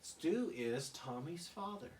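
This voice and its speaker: A man telling a crude, rambling comedic story to friends in a deadpan way, recorded from a distance. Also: a little high, slow pace, a little hiss or hum.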